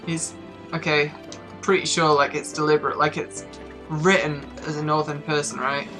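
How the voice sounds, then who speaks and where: A woman's voice: low-pitched, level tone, normal speed, over music. A woman with a northern English accent chatting wryly and swearing casually while she streams a game live.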